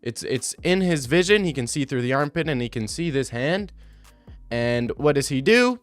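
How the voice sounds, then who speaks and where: A young man in his twenties giving casual, animated and mocking commentary over fight replays. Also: medium pitch, moderate pace. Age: 20s. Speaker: video commentator.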